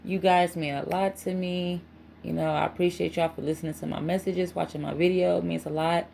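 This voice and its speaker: A woman's voice: on the low side, flat delivery, brisk, creaky, darkish tone, slight background noise. A woman giving a casual spiritual tarot reading to her channel, chatty and emphatic, with frequent asides. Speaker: tarot reader.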